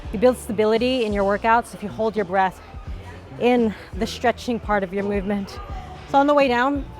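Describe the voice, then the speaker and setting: A woman's voice: mid-range voice, normal speed. A woman fitness vlogger talking casually through her workout, out of breath and full of "like" fillers. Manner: talkative, with many "like" fillers. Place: gym. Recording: faint background music.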